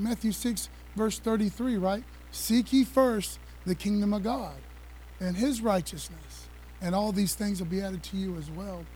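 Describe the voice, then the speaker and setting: A man preaching with a high, lifted voice, quick and excitable, tossing in laughs and casual asides to his church. A faint hum runs underneath. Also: poor audio. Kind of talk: energetic sermon with slides.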